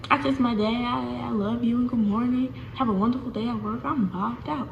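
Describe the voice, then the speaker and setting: A young woman telling a casual storytime to her viewers, animated and chatty, often calling them y'all. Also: a little high, brisk, gravelly, muffled recording. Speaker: vlogger. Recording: echoey room with faint noise.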